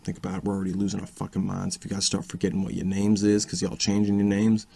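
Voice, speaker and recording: A man with a husky voice playing a laid-back, slangy crewmate who talks the others down in an amateur audio drama. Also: low voice, completely flat delivery, quick pace, dark tone, heavily acted. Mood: reasoning. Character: blunt streetwise man, calm crewmate.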